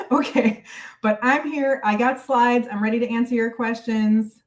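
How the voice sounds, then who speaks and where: An American woman with a slightly high voice and fairly even intonation speaks at a moderate pace, recorded from a distance. She's a YouTube host running a casual live stream Q&A from home, chatty and bubbly, a little out of breath as she greets viewers by name.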